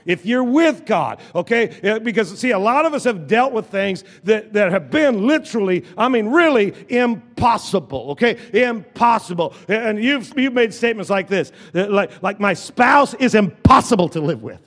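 Here a high-pitched, animated male pastor moves at a moderate clip with few pauses, his words ringing with big-room sound. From the pulpit of a sanctuary full of worshippers, he trades call-and-response lines, repeating phrases and restarting sentences.

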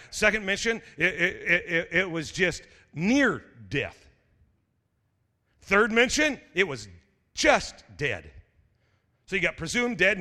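A male pastor preaches with a voice that swoops wildly up and down, stumbling over restarts before bursting into shouts. His bright, cutting tone rings out into the long reverb of a big hall. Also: high-pitched. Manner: animated, stammering restarts, shouted exclamations, jokey asides. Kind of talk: energetic sermon.

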